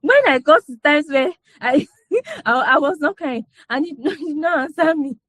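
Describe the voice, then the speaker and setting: Woman chatting about parenting, kinda high voice, keeps asking "you understand?", laughs a lot, dry sound. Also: lively intonation, unhurried, fairly bright tone, no room sound. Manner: conversational, repeats herself, frequent "you know" and "do you understand"; laughs often while telling stories. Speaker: parent speaker in a parenting session. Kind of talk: casual talk to a group.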